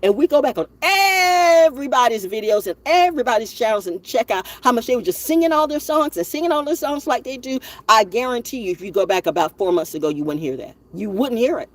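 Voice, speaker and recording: A woman holding forth in a profane, scolding rant. Her pitch leaps up and swoops down all the time. She rambles and doubles back on her points, jabbing at her listeners as she goes. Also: expressive, quick pace, hardly any pauses. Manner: rambling, repeats herself. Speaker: spiritual vlogger. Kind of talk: ranting monologue to camera.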